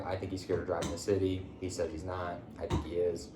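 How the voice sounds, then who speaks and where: A man's voice: low voice, steady tone, brisk, dark tone, reverberant, a little hiss or hum. A young man from the Philadelphia area casually telling a story as a podcast host, laid-back, with lots of fillers and restarts.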